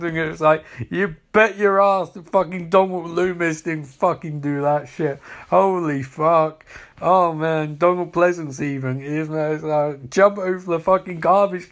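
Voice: mid-range voice, unhurried, fairly bright tone. An adult talking casually and rambling while reacting to a film, swearing often and laughing between remarks. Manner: rambling, profane, frequent fillers and laughing reactions. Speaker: movie watch-along commentator.

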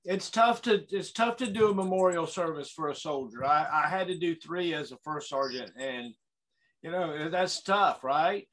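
A man hosting an interview, a former first sergeant, asking measured, sympathetic questions. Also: fairly high pitch, fairly bright tone. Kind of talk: conversational interview.

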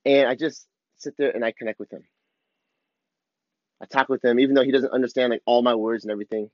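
A man's voice: medium pitch, fairly even intonation, quick pace, no room sound. Man in his thirties, raw confessional tone, casual swearing, slightly dull dry recording. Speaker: father vlogger. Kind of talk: candid personal reflection.

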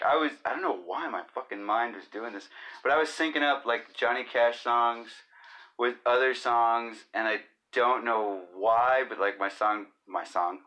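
A man in his thirties hosts a casual solo podcast, rambling and joking and often slipping into silly voices and snatches of song. His voice is mid-range, with a bright, forceful tone.

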